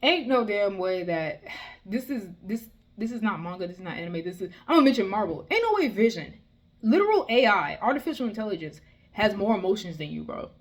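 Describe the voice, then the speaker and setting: A woman giving a heated, exasperated casual review, swearing often and breaking into animated outbursts. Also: mid-range voice, brisk. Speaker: manga reviewer.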